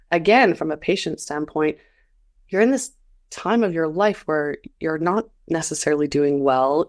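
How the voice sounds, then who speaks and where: A woman speaking earnestly in a conversation, reflective and searching for words as she goes. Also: low-pitched.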